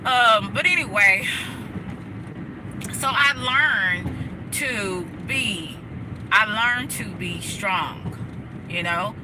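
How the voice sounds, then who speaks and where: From the driver's seat, a livestream host with a mid-range voice talks extremely slowly with long pauses, delivering casual motivational chat to her viewers in an outspoken, emphatic manner. Background noise can be heard.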